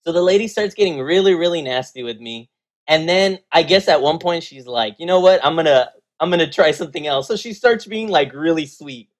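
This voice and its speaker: A man, co-owner of a game store, telling a story in casual chat, animated and full of fillers, acting out what people said. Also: fairly high pitch, a little fast. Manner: animated storyteller, acts out quotes, many fillers.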